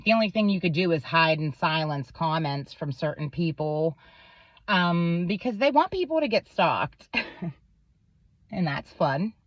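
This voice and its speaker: A woman's voice: lowish voice, no room sound, dull audio. A woman vlogger in a rambling, profane monologue to camera, full of fillers. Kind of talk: casual ranting monologue to camera.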